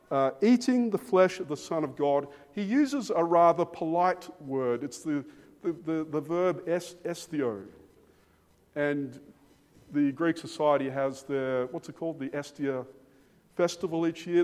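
On the high side and a touch mellow, this man's voice carries an emphatic expository sermon, often doubling words at the start of phrases, all ringing with a big hall's lengthy reverb.

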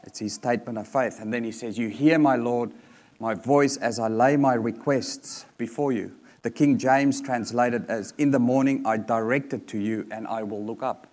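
A man's voice: mid-range voice, steady tone, normal speed, a little mellow. A man preaching a sermon in an earnest manner, repeating key points for emphasis.

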